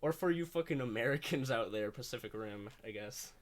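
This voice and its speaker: A man's voice: medium pitch, lively intonation, fairly quick. A young man hosting a casual chat, rambling with lots of fillers and the odd curse. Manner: rambling, full of "like" fillers and swearing. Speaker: host.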